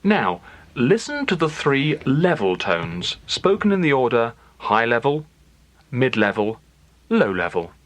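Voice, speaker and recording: A man teaches a recorded language lesson, his voice animated in pitch and recorded dry and close. He explains each step clearly and at a measured pace. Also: no room sound. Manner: clear, measured instructional delivery. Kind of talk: scripted lesson narration.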